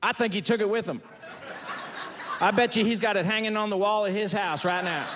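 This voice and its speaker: A man works a stand-up set in a high, bright-pitched voice, rattling off folksy one-liners. His voice rings out in a long hall reverb. Faint noise sits under the recording. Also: a little fast. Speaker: stand-up comedian. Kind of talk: stand-up routine. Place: stage before a laughing audience.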